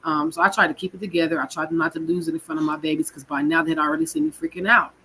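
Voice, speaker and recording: A woman's voice: low-pitched, fairly even intonation, very fast, sharp tone, slight background noise, rough recording. A woman from California telling her own story in a raw, frank, emotional way, swearing and repeating her words. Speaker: guest sharing her story. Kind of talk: personal storytelling.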